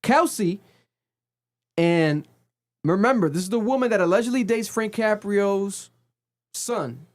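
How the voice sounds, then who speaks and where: A man co-hosting a podcast, recapping a reality show in casual chat and acting out quotes with sudden pitch jumps. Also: measured pace, pauses often. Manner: animated storytelling, acts out quotes with big pitch jumps. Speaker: podcast co-host. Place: podcast studio.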